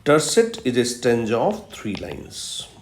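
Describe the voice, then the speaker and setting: Male professor, unhurried lecture, repeats key terms, echoey room. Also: mid-range voice, huge pitch swings, a little hiss or hum. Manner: explains step by step, repeats key terms, frequent "uh" fillers. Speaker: professor of literature. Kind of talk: recorded video lecture. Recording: roomy echo.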